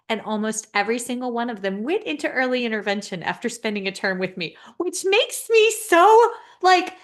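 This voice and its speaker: A woman speech-language pathologist hosting a podcast, speaking candidly and with feeling, in rushes and restarts. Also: fairly low pitch, gravelly. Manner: heartfelt, talks in rushes and restarts. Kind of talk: candid, emotional conversation.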